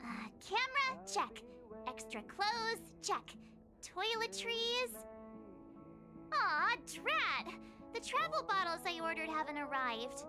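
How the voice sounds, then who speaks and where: A perky young girl from a video game, who talks in a very high, sing-song voice. Her pitch bounces all over as she slowly ticks items off a packing list. Loud music plays behind her. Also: very animated, heavily acted. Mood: cheery. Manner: cheery, sing-song checklist talk. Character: bubbly, chatty young girl packing for a trip.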